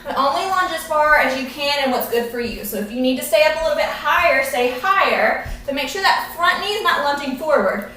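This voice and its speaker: A woman's voice: sits high, expressive, brisk, hardly any pauses, pushed and bright. A woman fitness instructor coaching a workout live, encouraging and out of breath, filmed by a camera at a distance. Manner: encouraging, coaching while exercising. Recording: very echoey room, camera at a distance.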